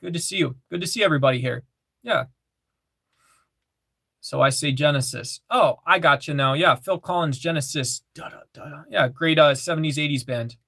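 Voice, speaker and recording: A man's voice: on the high side, moderate pace, gravelly, bright, forceful tone, no echo. A man casually chatting on a livestream, reading chat messages aloud and repeating phrases, with lots of fillers.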